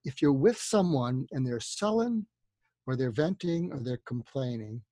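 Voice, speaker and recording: A man's voice: mid-range voice, expressive, measured pace, warm tone, no echo. A man speaking as a therapist guest in a casual podcast conversation, acting out sample dialogues in a livelier voice. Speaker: psychotherapist guest. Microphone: remote call microphone.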